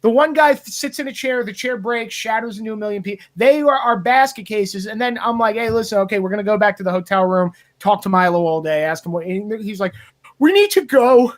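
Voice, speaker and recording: A man's voice: sits high, quick pace, few pauses. Man, podcast co-host, profane, rambling storyteller, casual chat.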